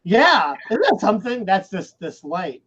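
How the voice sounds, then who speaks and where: A woman's voice: mid-range voice, sing-song, unhurried, a bit bright, breathy edge. A woman hosting a casual livestream, chatting and reading out viewer comments. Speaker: livestream host. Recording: dull lo-fi stream audio.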